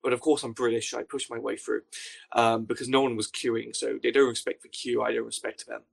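A young man telling a story as a podcast guest, with dry, deadpan understatement. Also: medium pitch, a little fast, vocal fry, slightly rough. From Wales. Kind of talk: casual storytelling anecdote.

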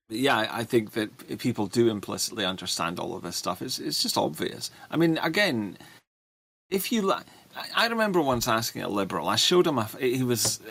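A man talking as a guest in a casual discussion, speaking haltingly with frequent restarts and fillers. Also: fairly low pitch, vocal fry, fairly bright tone. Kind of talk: livestream political discussion.

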